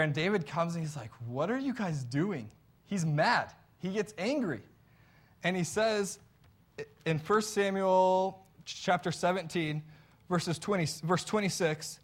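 A man preaching a sermon in an earnest, conversational storytelling way. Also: high-pitched.

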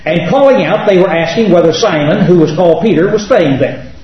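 A man's voice: high voice, animated, a little fast. A man teaching a Bible study class, emphatic and full of rhetorical questions to his students, recorded in a classroom. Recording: muffled lo-fi, echoey room, far mic.

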